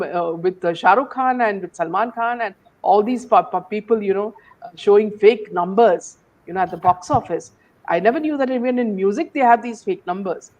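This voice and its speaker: A woman's voice: mid-range voice, darkish tone, highs cut off. Woman host with scornful rambling commentary. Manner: scornful, rambling, peppered with "you know". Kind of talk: opinionated commentary chat.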